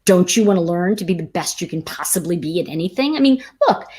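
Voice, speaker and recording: A woman who teaches tarot chats casually on a livestream, telling animated stories that drift into tangents and answering viewer comments. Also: lowish voice, fast talker, breathy edge.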